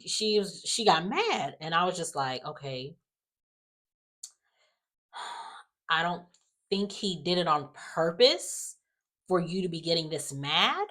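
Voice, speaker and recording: A woman's voice: sits low, a bit bright. A woman chatting casually as she recaps a soap episode, with lots of fillers, acting out the characters' lines as she goes. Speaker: soap opera recap vlogger.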